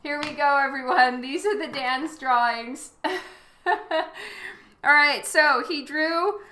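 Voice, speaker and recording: Giggly high-voiced woman streaming. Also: slow pace, pushed and bright, echoey room. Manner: giggly, reacts to chat with frequent laughter. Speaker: livestreaming artist. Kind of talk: casual live-stream chat.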